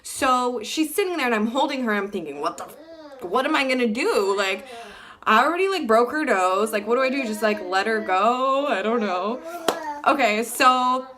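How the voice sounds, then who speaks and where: A young woman telling a personal story to camera in casual chat, animated and full of "like", acting out what people said. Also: on the high side, moderate pace. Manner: animated, fillers like "like" throughout, acts out quotes. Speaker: vlogger.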